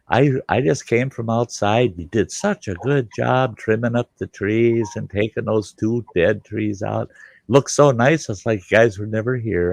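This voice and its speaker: A man's voice: on the low side, creaky, no room sound. A middle-aged man, hosting a livestream chat and telling a long story, acting out the voices and swearing freely. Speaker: livestream host.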